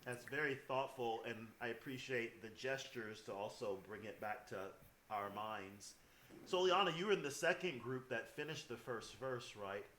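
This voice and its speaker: A man's voice: medium pitch, expressive, normal speed, bright, forceful tone, roomy sound. A man hosting a conversation with young choir singers over a video call, with thoughtful, precise phrasing. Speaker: host, associate artistic director of a choir. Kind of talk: interviewing guests on a video call.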